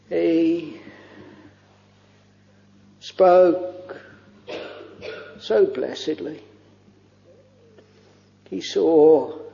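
Male preacher, gravelly and high, slow fervent sermon, muffled lo-fi chapel recording with long reverb. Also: dark tone. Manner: slow, fervent, drawn-out delivery with many "oh"s.

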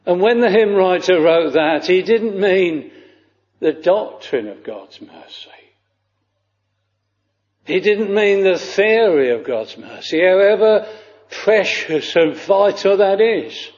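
Man, preacher, sermon, solemn old-style diction, slightly high voice, dull lo-fi recording. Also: lively intonation, a little mellow, big-room sound. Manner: slow, solemn, old-fashioned scriptural diction.

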